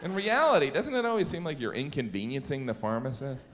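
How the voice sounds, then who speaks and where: A middle-aged man performing stand-up comedy on stage, deadpan and self-deprecating. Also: mid-range voice, a little fast, a little hiss or hum. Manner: deadpan, self-deprecating, dips into character voices. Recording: long hall reverb, loud ambience.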